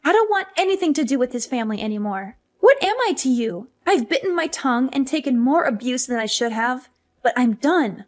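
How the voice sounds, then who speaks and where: A woman's voice: high-pitched, lively intonation, a little fast. A young woman narrating a scripted family drama as herself, defensive and exasperated. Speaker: story narrator playing herself.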